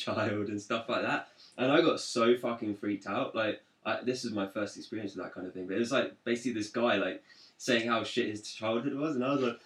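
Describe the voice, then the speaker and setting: A young man rambling through a story in a casual podcast chat, full of fillers. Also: lowish voice. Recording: roomy sound, distant from mic.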